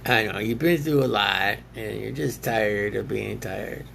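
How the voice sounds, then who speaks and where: A man's voice: on the low side, a little slow, gravelly, a bit bright, a little hiss or hum. A man rambling to himself with frequent laughs, arguing back and forth as if two people were talking. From United States. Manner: laughs often, argues with himself in two voices. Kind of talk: rambling self-talk monologue.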